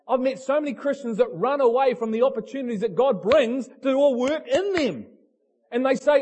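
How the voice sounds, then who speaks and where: Preaching a passionate sermon, a male pastor talks bluntly and fires direct questions at his congregation. His high, husky voice is expressive, brisk and a little mellow.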